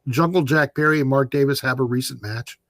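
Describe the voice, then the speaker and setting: A man hosting a casual round-table chat about wrestling, animated and joking, laughing often. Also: medium pitch, fairly quick, dry recording, studio quality. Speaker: podcast host.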